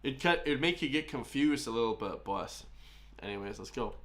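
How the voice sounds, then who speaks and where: A man's voice: medium pitch, lively intonation, normal speed, a bit bright. A man with an Irish accent hosting a reaction video, chatting casually with wry asides. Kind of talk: casual commentary.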